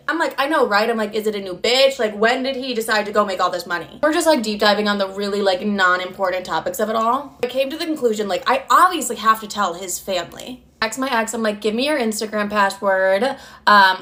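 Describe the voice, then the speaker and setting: A woman's voice: mid-range voice, a little fast, hardly any pauses, bright, forceful tone. A young woman telling a personal story in a casual, chatty way, swearing freely and acting out both sides of the dialogue.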